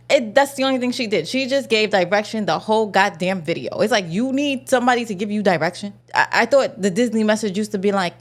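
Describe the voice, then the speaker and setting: Young woman venting about a movie, slangy and mocking, voice jumping up and down a lot. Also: medium pitch. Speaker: movie reviewer. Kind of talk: casual vlog rant.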